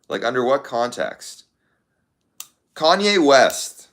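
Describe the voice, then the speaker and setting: A man's voice: medium pitch, big pitch swings, slow pace, fairly bright tone. A young man casually chatting to his viewers, thinking aloud in a rambling way with lots of fillers. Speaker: content creator.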